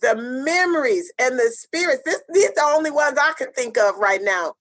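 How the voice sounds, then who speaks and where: A woman's voice: sits high, animated, normal speed. An American woman co-hosting a podcast, talking in an impassioned, emphatic way and repeating phrases for stress. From United States. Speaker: podcast co-host. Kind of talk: casual podcast chat.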